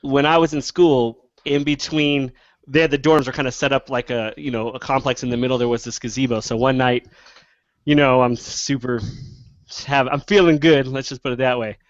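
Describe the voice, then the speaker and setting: A man's voice: mid-range voice, fairly even intonation, normal speed, no room sound, muffled recording. Laughing New York man telling a story. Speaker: podcast co-host. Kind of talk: casual storytelling chat. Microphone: video call.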